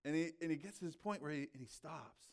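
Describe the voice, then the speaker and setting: A man's voice: on the high side, fast. A male pastor giving a conversational sermon, talking casually and often checking in with his listeners. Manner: chatty, filled with "like" and "right?".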